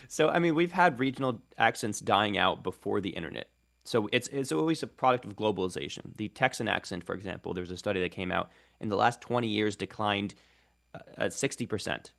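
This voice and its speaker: A man's voice: fairly low pitch, vocal fry, fairly bright tone. A young man, a linguist and content creator, explaining thoughtfully and fluently as a guest in a radio interview.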